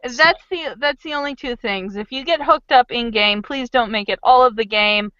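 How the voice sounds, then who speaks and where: A woman game master in casual, chatty talk about a tabletop game, excitable and full of fillers. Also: fairly high pitch, moderate pace, smooth, no room sound, dull audio.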